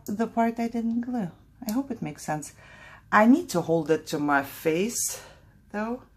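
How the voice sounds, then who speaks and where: A woman's voice: mid-range voice, husky. A woman hosting a casual craft tutorial, chatty and thinking aloud, laughing at her own mistakes as she works.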